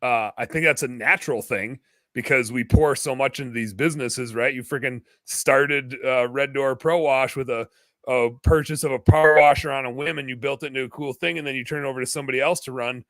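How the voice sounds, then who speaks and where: A man's voice: mid-range voice, fairly even intonation, fairly quick, a bit bright, no echo. A man talking loosely in a casual podcast conversation, rambling with lots of fillers and restarts. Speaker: podcast guest.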